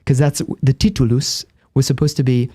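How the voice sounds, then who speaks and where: Talking at normal speed in a medium-pitched, dark-toned voice with little pitch movement, a man who is a Catholic priest and guest gives an earnest conversational explanation. He relies on vivid storytelling. The recording is dry, captured on a close studio microphone.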